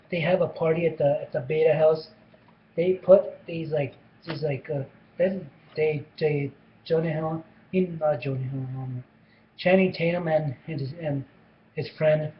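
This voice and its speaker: Rambling higher-voiced man recapping a film. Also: steady tone, measured pace, pauses often, dull audio. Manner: rambling, many restarts and repeated phrases. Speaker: movie reviewer. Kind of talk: casual plot recap.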